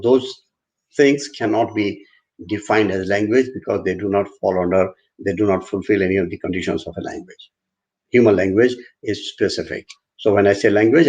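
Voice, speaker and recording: A man's voice: fairly low pitch, darkish tone, muffled recording. A man giving an online university lecture, repeating and restarting phrases as he explains with everyday examples.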